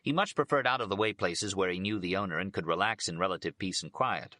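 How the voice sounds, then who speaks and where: A man narrating a biography audiobook in a steady, unhurried reading voice. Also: low-pitched, dry recording.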